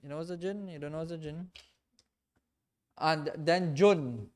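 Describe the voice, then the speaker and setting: A man teaching a reading class in a mosque, patiently repeating and drilling each sound slowly for his students. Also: on the high side, a little mellow. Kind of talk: classroom lesson.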